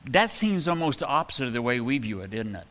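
Male preacher, folksy and rambling, bright forward tone, reads verses with emphasis. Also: mid-range voice, very animated, fast talker, in a large hall. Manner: folksy, rambling with many fillers and restarts; reads scripture aloud with emphasis. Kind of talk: conversational sermon.

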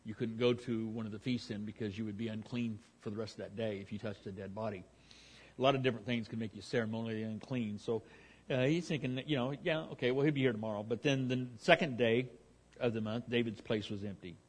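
A man's voice: fairly low pitch, steady tone, brisk, husky. A man preaching verse by verse through a Bible passage, talking conversationally with frequent restarts and fillers.

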